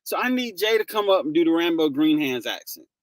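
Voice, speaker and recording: A man's voice: on the high side, very animated, brisk, no room sound. A man hosting a casual livestream, greeting viewers by name and laughing often. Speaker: livestream host.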